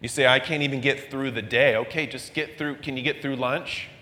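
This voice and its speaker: A man's voice: steady tone, a little fast, pushed and bright. A male pastor delivers a midweek sermon in an earnest, conversational way, sometimes lifting his voice to act out the people he quotes. His voice sits in a middle register. A long reverb trails behind his words, as in a large church. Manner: earnest preaching, acting out quoted voices with rising pitch.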